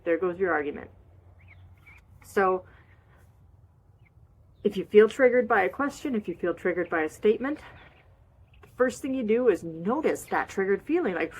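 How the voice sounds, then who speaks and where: A woman coaching on holistic wellness in a casual, expressive way, repeating short phrases and acting out feelings with sighs and little noises. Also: mid-range voice, normal speed, long pauses, slightly rough. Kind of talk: casual advice talk.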